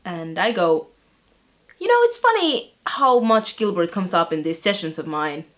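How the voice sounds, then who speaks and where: A woman's voice: fairly low pitch, sing-song, measured pace, fairly bright tone. A young woman playing a chatty teenage girl tutor who recounts her week with wry amusement, with fillers along the way. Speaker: vlogger. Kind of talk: scripted vlog-style monologue.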